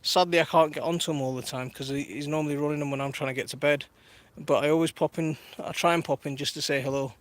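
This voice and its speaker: A man's voice: fairly high pitch, steady tone, quick pace, few pauses, dry recording. A man in his thirties chatting casually on a live stream from his garden while minding his toddler, laughing often and reading viewer comments aloud. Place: outdoors in a garden.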